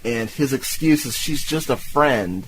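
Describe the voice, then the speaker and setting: A man from Tampa co-hosting a podcast, retelling a film plot in a lively, profane, laughing way. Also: medium pitch, a little slow, slight background noise, low-quality recording. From Tampa, Florida. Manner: animated, laughing, profane storytelling. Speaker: podcast co-host. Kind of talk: casual movie-recap chat.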